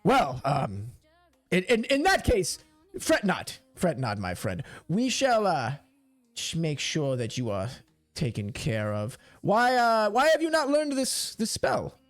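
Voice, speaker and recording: A man voicing a broad-shouldered, booming male high commander of zealot warriors, with hearty laughs and grand archaic speech. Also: huge pitch swings, slow, dry recording, exaggerated voice. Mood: flustered.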